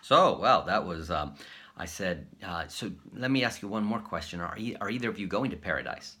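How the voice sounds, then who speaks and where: This host's voice sits low and sounds husky, moving at normal speed. On his channel he casually recounts a story to camera, animated throughout and performing each bit of quoted dialogue.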